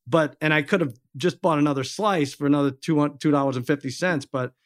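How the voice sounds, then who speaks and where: A man with a somewhat high voice tells a comic story on a podcast, acting out quotes and poking fun at himself. His delivery is animated, and the close studio recording is completely dry. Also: no room sound. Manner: animated storyteller, acts out quotes, self-mocking. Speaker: podcast co-host. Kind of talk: casual comic chat.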